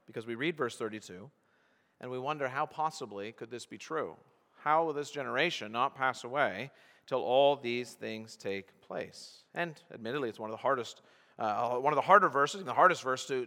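A man preaches an expository sermon in a high, bright voice. He is earnest and emphatic and often restarts his phrases as he explains the text. His voice rings out in a large church hall with long reverb. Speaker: pastor.

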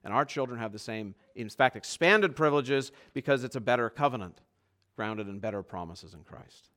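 A man preaching a sermon, swinging between loud, urgent passages and low, quiet ones, and slowing right down on key phrases. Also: lively intonation. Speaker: pastor.

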